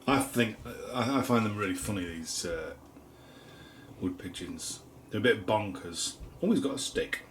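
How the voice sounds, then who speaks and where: A man with a fairly low voice talks through his video diary at home. He rambles on and pokes fun at himself in an easy, chatty way. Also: animated, a little slow, slight background noise. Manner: rambling, chatty, self-mocking. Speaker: vlogger.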